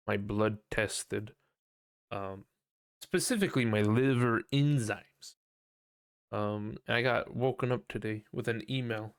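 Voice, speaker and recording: A man's voice: fairly low pitch, smooth, dry recording, studio quality. A young man hosting a casual solo podcast, rambling and swearing often, laughing at himself and mimicking his own panicked voice. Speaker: podcast host.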